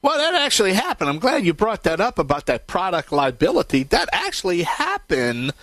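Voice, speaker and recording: A man's voice: sits high, wildly swooping pitch, fairly quick, fairly bright tone, no echo. A man hosting a home improvement radio talk show, upbeat and rambling with lots of filler words.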